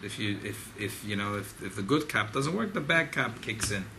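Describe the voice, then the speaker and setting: A man teaching a Torah class to a small gathering, animated and emphatic, sprinkling in Hebrew and Yiddish terms. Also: fairly low pitch, moderate pace, creaky, a little hiss or hum. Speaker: rabbi leading a study gathering.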